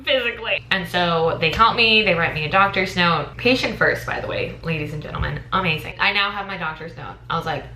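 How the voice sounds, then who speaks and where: A young American woman in her twenties vlogging, telling a story with animated, dramatic energy. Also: lowish voice, a little fast, few pauses, a little hiss or hum. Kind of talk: casual storytime vlog. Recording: echoey room.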